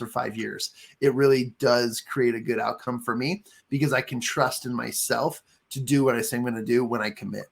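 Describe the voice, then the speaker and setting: Gravelly man sharing earnest advice. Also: medium pitch, fairly bright tone. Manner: earnest, rambling with fillers. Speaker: book club co-host. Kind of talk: casual discussion.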